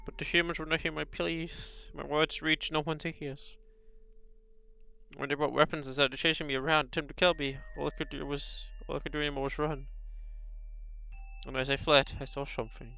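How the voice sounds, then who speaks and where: A brooding male beast who longs to be human, as a man reads him aloud, slow and solemn, with pauses between phrases. The voice is bright and smooth, with a gravelly edge. It comes through a slightly dull, lo-fi stream recording. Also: fairly high pitch, little pitch movement, faint music behind. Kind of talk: reading a visual novel aloud.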